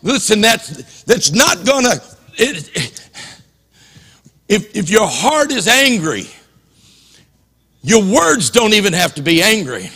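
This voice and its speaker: A man's voice: high-pitched, big pitch swings, slow pace, long pauses, bright, forceful tone, slightly rough, big-room sound. A man preaching a passionate sermon as a pastor in a church, often repeating and restarting his words.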